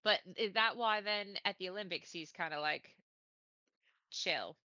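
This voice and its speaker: A woman's voice: mid-range voice, normal speed, bright, forceful tone, smooth, no echo, dull audio. A woman co-hosting a podcast in casual chat, teasing and laughing through playful banter. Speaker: podcast co-host.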